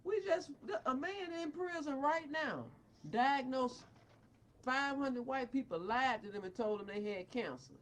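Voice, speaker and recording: A woman's voice: high-pitched, measured pace, slight background noise. A woman ranting angrily at a doctor about her child in a confrontational, preachy, scolding way. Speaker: parent. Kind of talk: angry rant addressed to a doctor.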